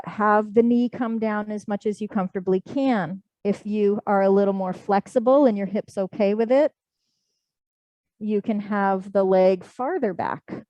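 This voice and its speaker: Yoga teacher lady, gentle slow cues, mellow voice, dry close sound. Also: medium pitch, dry recording, rough recording. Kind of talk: live class instruction. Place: indoor studio class, also streamed online.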